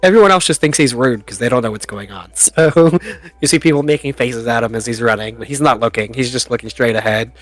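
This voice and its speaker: A man's voice: mid-range voice, brisk, faint music behind. A man narrating as game master of a tabletop game, chatty and laughing often at his own jokes.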